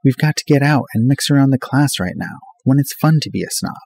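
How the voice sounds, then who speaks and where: A man's voice: medium pitch, lively intonation, a little fast, vocal fry, darkish tone, husky, voice pushed up. A man voicing a restless, vain young male college student who talks eagerly about himself. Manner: eager, self-absorbed.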